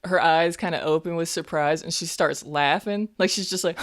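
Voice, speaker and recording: Clear-voiced tabletop game player. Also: mid-range voice, normal speed, fairly bright tone. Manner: casual, describes her character's actions. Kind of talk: casual tabletop play.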